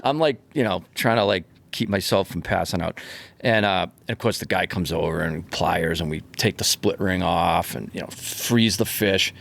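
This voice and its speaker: A man, a fishing charter captain, telling a story in a casual, animated way, acting out the voices as he goes. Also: deep voice, normal speed, creaky. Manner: animated, acts out voices, swears freely.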